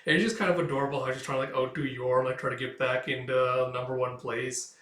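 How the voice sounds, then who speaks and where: A man's voice: mid-range voice, level tone, quick pace, a bit bright, reverberant. A young man casually reading through and commenting on a manga chapter, rambling with lots of fillers. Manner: rambling, filler-heavy, with sudden swearing. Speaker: manga reaction host.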